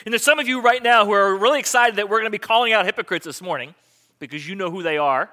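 A man preaching a sermon as a pastor, in a conversational style that swings from hushed asides to emphatic declarations. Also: high-pitched, fast talker.

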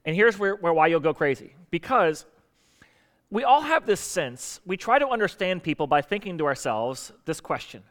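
A man's voice: a little high, very animated, moderate pace, a bit bright. A man preaching a conversational sermon, emphatic, with rhetorical questions and repetition.

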